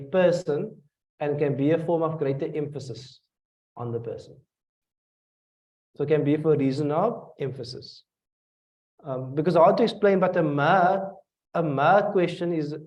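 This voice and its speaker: A man's voice: fairly high pitch, a little mellow. A man with a South African accent teaching a class, asking his students questions and repeating phrases as he explains. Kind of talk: classroom tafsir lesson. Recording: dull lo-fi classroom recording from a distance.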